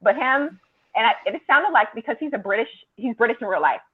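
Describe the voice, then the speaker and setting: A woman's voice: on the high side, expressive, brisk, husky. Chatty woman on a tinny line. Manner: chatty, many fillers like "like". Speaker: podcast co-host. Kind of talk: casual opinionated review chat.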